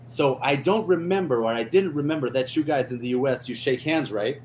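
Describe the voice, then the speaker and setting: Portuguese man, podcast guest, animated storyteller, laughs a lot, faint noise behind. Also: mid-range voice, brisk. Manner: animated storyteller, laughs often, acts out quotes. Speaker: stunt performer guest. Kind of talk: casual podcast chat.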